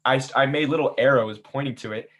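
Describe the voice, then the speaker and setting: Animated man recapping a game season. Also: medium pitch, fast talker. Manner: animated storytelling, acts out players' quotes. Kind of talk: casual chat.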